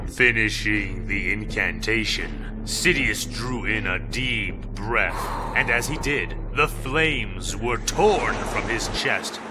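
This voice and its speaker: A man narrating a fan fiction audio story in a dramatic, measured reading. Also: fairly low pitch. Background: background music.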